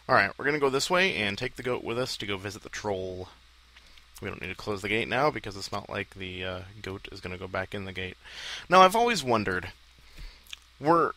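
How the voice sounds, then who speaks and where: A man's voice: on the low side, pushed and bright, poor audio. A man hosting a casual video game let's play, rambling and joking with self-deprecating asides as he plays. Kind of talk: casual gameplay commentary.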